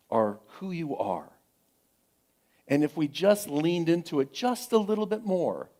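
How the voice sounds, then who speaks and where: A middle-aged man, a pastor giving a sermon at a spiritual center, speaking gently with encouraging repetition and frequent pauses. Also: on the high side.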